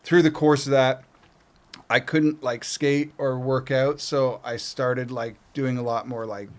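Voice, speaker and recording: Speaking at a measured pace in a mid-range voice, a middle-aged guest from Canada spins a casual tale. He swears heavily and acts out quotes in an animated, profane retelling.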